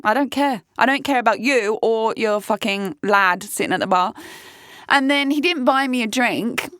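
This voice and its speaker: A woman's voice: fairly high pitch, fairly bright tone, no room sound, studio quality. A woman in her late thirties telling a dating story as a vlogger, blunt and swearing often. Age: 30s. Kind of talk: casual storytelling monologue.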